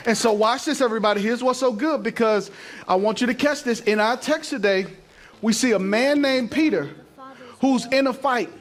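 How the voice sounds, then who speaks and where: A middle-aged male pastor preaching a sermon to a church congregation, using call-and-response and building up to shouting. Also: extremely high pitch, moderate pace. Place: church sanctuary.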